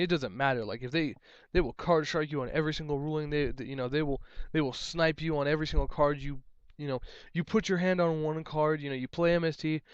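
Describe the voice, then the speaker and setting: A young man talks through casual advice as a tournament judge, rambling and exasperated, circling back over his own points. His voice sits a little high and comes through smooth and clear. The recording is dry and slightly dull, like a cheap lo-fi mic. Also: dry recording. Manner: rambling, exasperated, repeats himself.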